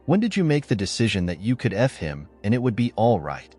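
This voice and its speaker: A man's voice: lowish voice, very animated, a little fast, darkish tone, breathy edge, faint music behind. A man narrating a first-person story, voicing the betrayed husband in a blunt, angry, sarcastic manner.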